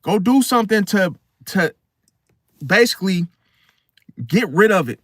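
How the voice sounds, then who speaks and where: A man's voice: high voice, lively intonation, a little slow, fairly bright tone, no room sound, clean studio sound. A man hosting an astrology video, talking casually to camera in a rambling, slangy way with many restarts.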